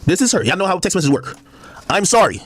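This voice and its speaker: Man, high husky voice, very fast talk, reads messages aloud with blunt asides, livestream. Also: very animated, fairly bright tone, no echo. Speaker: streamer reading out text messages. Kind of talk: heated livestream monologue.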